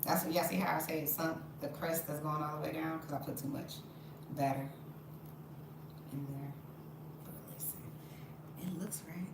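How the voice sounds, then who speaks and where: Woman, casual live baking vlog, lively swooping voice, lowish pitch, recorded off-mic in a very echoey, noisy kitchen. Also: recorded from a distance. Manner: chatty, expressive, talks to viewers while baking. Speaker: vlogger baking at home. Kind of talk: casual live-stream chat. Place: home kitchen.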